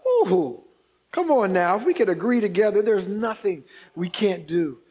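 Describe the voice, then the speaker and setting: A man preaching a sermon as pastor, animated, acting out quotes and building to shouts. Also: high-pitched, moderate pace, husky. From Indiana.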